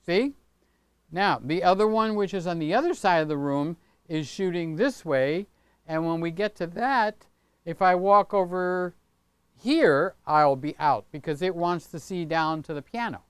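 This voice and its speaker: Rambling older man, smooth dry voice. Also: high-pitched, a little slow, no room sound. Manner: rambling, chatty, keeps tagging on "okay?". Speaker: channel host. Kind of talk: casual livestream chat. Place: home studio room with set pieces.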